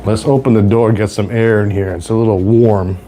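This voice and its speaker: A man's voice: lowish voice, steady tone, a little fast, warm tone, a little hiss or hum. Laid-back young man chatting on a live stream. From Toronto, Canada. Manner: laid-back rambling slang-heavy talk to viewers. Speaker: livestream host. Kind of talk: casual live cooking stream chat. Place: home kitchen.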